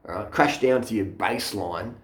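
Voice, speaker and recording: A man's voice: on the low side, normal speed, roomy sound. A man ranting casually to his camera, blunt and profane, laughing at his own stories. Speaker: vlogger. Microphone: camera mic.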